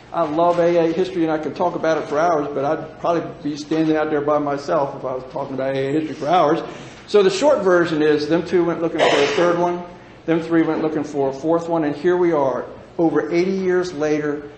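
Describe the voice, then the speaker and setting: An older man in his sixties shares his story with a meeting in a folksy, plain-spoken way, with a slightly raised voice. He speaks in a roomy hall that gives his words a clear echo, and a faint hum of the room sits behind him. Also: fairly high pitch. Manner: folksy, plain-spoken, animated when joking. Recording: echoey room with faint ambience.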